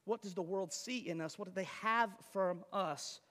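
A man preaches with animated energy, tossing rhetorical questions to his listeners. His voice sits high and bright. It carries a long reverb, as in a large church hall. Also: normal speed. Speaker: pastor. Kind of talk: sermon.

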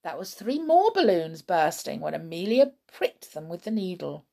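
A woman reading a children's story aloud in an expressive way. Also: lowish voice, normal speed, vocal fry.

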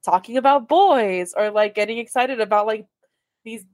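A young woman co-hosting a podcast in casual chat, talking quickly through stories with lots of filler words. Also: on the high side, dry recording, studio quality. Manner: chatty, heavy on fillers, animated retelling. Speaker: podcast co-host.

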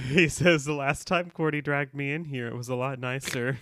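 A man's voice: medium pitch, moderate pace, fairly bright tone, a little hiss or hum. A man co-hosting a podcast, casually recapping an episode, laughing often and quoting characters. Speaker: podcast co-host.

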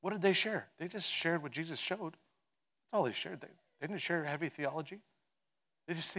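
Pastor guy preaching, animated and playful, voice on the higher side, goes loud then quiet. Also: normal speed. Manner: animated storytelling, swinging from loud to hushed; conversational and playful with the congregation. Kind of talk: sermon.

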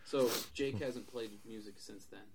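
A man's voice: lowish voice, measured pace, breathy edge. A man hosting a podcast, eagerly retelling a comic book scene by scene and acting parts out. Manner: animated, acts out scenes. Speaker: podcast host.

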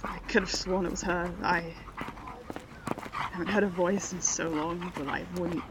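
A woman playing a haunted, grieving college student who speaks softly and grows jumpy. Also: on the low side, steady tone, a little slow, noisy background. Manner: shaken, soft-spoken, snapping when frightened.

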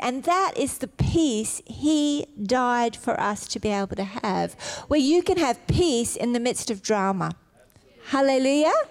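Middle-aged woman preacher, fervent, fairly high voice. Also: darkish tone. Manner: fervent, exclaims hallelujah often. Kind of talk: sermon.

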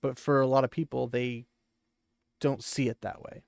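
A man's voice: mid-range voice, level tone, normal speed, creaky, dry recording, clean studio sound. A man hosting a podcast and recapping a book chapter in rambling, conversational chat. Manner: rambling, conversational, with filler words. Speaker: podcast host.

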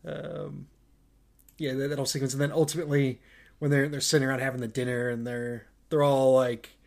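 A man's voice: medium pitch, level tone, a little fast, creaky, a little mellow. Rambling man recapping a movie. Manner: rambling with many restarts and fillers. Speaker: podcast co-host. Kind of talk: casual movie discussion.

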